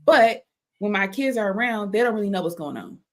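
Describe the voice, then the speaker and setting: A woman's voice: medium pitch, a little fast, very noisy. Brief: woman co-host in a casual chat, mid-range voice, easygoing and talkative. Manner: relaxed, conversational, talks about her household.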